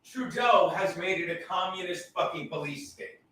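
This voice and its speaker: A man's voice: high voice, animated, normal speed, sharp tone, a little hiss or hum. A man joining in from off camera with dry, blunt, teasing banter. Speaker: co-host off camera. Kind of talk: casual banter. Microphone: off-mic, away from the camera. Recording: distant, very echoey room with faint music.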